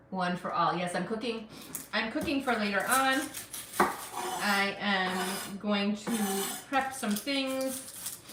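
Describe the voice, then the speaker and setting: A woman's voice: medium pitch, distant mic, background noise. A woman from Afghanistan hosting a casual cooking live stream in her kitchen. She chats along and reads out and answers viewer comments. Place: home kitchen. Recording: roomy kitchen sound, mic set back.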